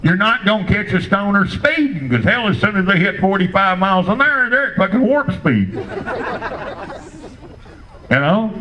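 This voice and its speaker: An older man doing a standup comedy set, telling crude, rambling stories in a deadpan way. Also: sits high, moderate pace, long pauses, dull audio.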